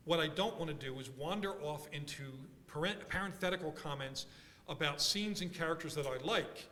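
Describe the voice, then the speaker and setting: Man, fairly high voice, conference workshop speaker, animated, restarts mid-thought, big hall echo. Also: fairly quick. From Philadelphia, USA. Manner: animated, thinking aloud with restarts.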